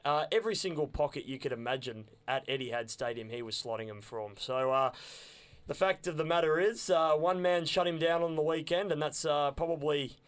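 A man's voice: on the high side, brisk, clear, resonant tone. A young adult man with an Australian accent, chatting enthusiastically as a podcast co-host, often repeating words as he goes. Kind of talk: casual chat.

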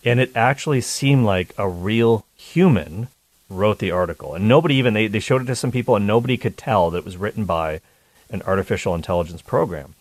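A man's voice: on the low side, brisk, no room sound. A man hosting a radio talk show, chatting casually and interrupting himself with playful asides. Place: radio studio. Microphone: studio mic.

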